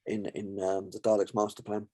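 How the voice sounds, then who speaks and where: A man's voice: on the low side, flat delivery, normal speed, warm tone. A man joining a casual podcast chat as a guest, laid-back and blunt, swearing casually.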